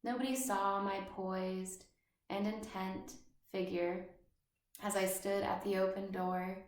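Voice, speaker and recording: A woman reading literary prose aloud in a measured, even way. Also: mid-range voice. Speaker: audiobook reader. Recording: roomy echo.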